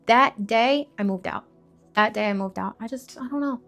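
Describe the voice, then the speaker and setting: A woman in her twenties frankly sharing a personal faith testimony to camera, emotional and direct, with quick asides and repeated phrases. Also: fairly high pitch, fairly bright tone, soft background music. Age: 20s. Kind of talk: candid personal testimony vlog.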